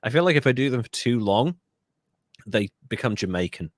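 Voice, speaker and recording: A Welsh man with a middle-pitched voice tells a story on a podcast, breaking off now and then for asides and quick corrections. The sound is dry and close, with no room behind him. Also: animated, no echo. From Wales. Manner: reads a story aloud with asides and self-corrections. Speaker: podcast host.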